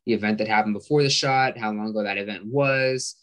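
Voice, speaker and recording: A man guest explaining stats in a measured, casual way, often restarting his sentences. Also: fairly low pitch, fairly bright tone.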